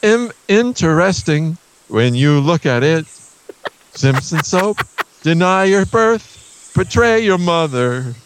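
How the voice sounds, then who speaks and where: A man's voice: on the high side, big pitch swings, takes it slowly, noisy background. A man playing a rambling father teaching his son to camp in an improvised comedy scene, chuckling and drifting into absurd tangents. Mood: earnest. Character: rambling middle-aged father teaching camping.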